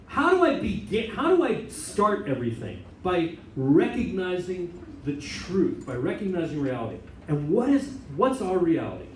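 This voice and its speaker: An American man, a Catholic priest and chaplain, giving an informal talk to a student group and telling stories with lively asides. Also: sits high, normal speed, a little hiss or hum. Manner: animated storytelling with many asides and laughs. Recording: echoey room, mic at a distance.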